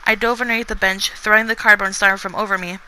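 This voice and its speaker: A woman's voice: medium pitch, fairly even intonation, fast talker, sharp tone, clear, resonant tone, rough recording. A woman reading a chapter of her own book aloud, often stumbling and restarting words and stopping to comment on her writing. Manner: stumbling reading with frequent restarts and self-corrections. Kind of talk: casual read-aloud of a story chapter.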